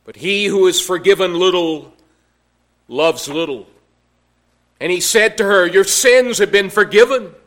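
A man preaching a sermon in a slow, measured way, with emphatic rises on key words. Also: sits high, a bit bright. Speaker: pastor.

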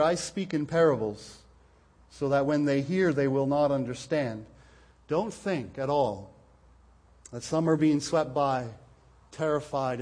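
A man's voice: on the high side, darkish tone. A man preaching a sermon, earnest and explaining scripture, often repeating words as he stresses a point.

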